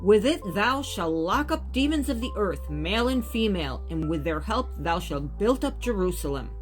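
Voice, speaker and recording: A woman's voice: medium pitch, expressive, moderate pace, faint music behind, lightly acted. A woman voicing a solemn male archangel making a formal archaic pronouncement.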